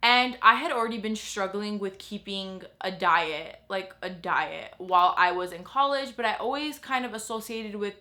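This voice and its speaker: A young woman from Los Angeles, vlogging in a candid, halting way, with many fillers and restarts. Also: medium pitch, pushed and bright. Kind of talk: confessional vlog talk.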